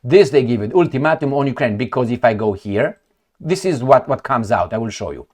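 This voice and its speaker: Here a male political commentator, medium in pitch and a little fast, reads articles on screen in an easygoing commentary. He is sarcastic, animated and foul-mouthed, addressing viewers as friends.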